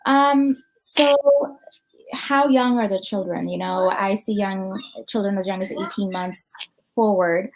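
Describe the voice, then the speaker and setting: An American clinical psychologist, a woman, takes questions at an online conference over a video call, and the background is noisy. Her pitch is ordinary and mid-range, and she answers loosely and conversationally, thinking aloud with ums and you-knows filling the pauses.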